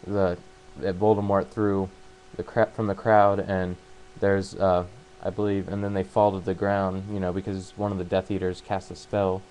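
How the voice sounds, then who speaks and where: Halting man with a low, flat voice. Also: a little hiss or hum, rough recording. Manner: halting, full of fillers and restarts. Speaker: book summarizer. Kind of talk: casual spoken plot retelling.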